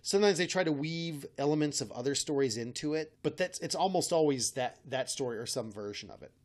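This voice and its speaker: A man's voice: fairly high pitch, lively intonation, brisk, a little mellow. A man hosting a casual chat, rambling and correcting himself with a wry tone. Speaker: podcast host.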